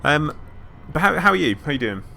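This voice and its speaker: A man's voice: fairly high pitch, big pitch swings, fairly quick, creaky, bright, forceful tone, faint music behind. A British man hosting a casual gaming stream, chatty with frequent ums and laughs. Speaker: streamer host.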